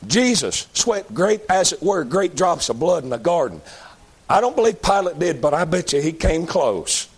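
A middle-aged Baptist preacher, preaching a folksy sermon that climbs into shouted emphasis. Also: male voice, a little high, very animated, normal speed, breathy edge.

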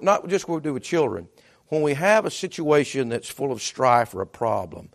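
A pastor with a voice on the high side preaches a sermon conversationally, restarting repeatedly and swinging between loud bursts and hushed asides.

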